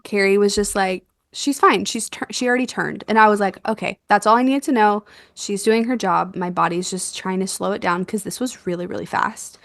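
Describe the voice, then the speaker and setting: A young woman telling a birth story in a casual chat, animated and quick to laugh, acting out what was said. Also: mid-range voice, gravelly, no echo, studio quality. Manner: animated, laughs often, acts out quotes. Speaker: guest, doula.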